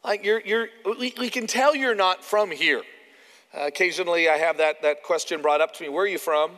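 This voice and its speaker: Man, Canadian accent, preacher, conversational sermon, animated, fairly high voice, long hall reverb. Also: a little fast. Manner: conversational, animated, acts out quotes.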